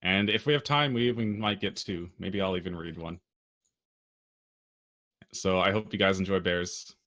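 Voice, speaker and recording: A man's voice: low-pitched, normal speed, fairly bright tone. A man chatting casually on a stream, hesitant and full of fillers. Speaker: stream commentator.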